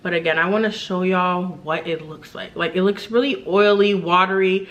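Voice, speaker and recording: A woman's voice: lowish voice, fairly even intonation, normal speed, fairly bright tone, dull audio. A young woman vlogging a beauty and luxury haul, chatty and enthusiastic, talking straight to her viewers. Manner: chatty and enthusiastic, many fillers and asides to viewers. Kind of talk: casual haul vlog talk to camera.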